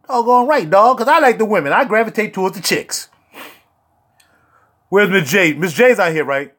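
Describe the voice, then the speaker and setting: A man chats casually with viewers on his livestream. His voice sits high and swings widely as he jokes. He talks in slangy street talk, with playful outbursts. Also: moderate pace. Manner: animated and joking, with playful outbursts. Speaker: fragrance reviewer and livestream host.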